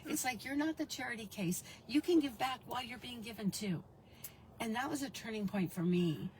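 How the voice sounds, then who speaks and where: A middle-aged woman shares her own story in an interview, her voice sitting a little high. She talks animatedly and slips into the voices of people she quotes. A faint hiss runs under the recording. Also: a little fast, darkish tone, poor audio. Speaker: guest.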